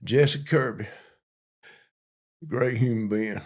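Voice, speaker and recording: An older man from Georgia with a Southern drawl and a gravelly, creaky voice. He recounts his army days in a folksy, repetitive style, growing animated as the story builds. His pitch sits mid-range for a man. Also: slow. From Monroe, Georgia. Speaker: police chief and interview guest. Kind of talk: storytelling in an interview.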